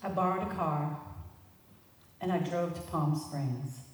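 A middle-aged woman sharing a personal recovery testimony with an audience, telling her story in an animated way and laughing at herself. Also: low-pitched, measured pace. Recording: echoey hall, mic far off.

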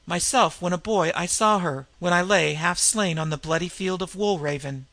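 Fervent wild-eyed old warrior, read by a man, raised voice, gravelly grain. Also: high voice, moderate pace, pushed and bright, no echo.

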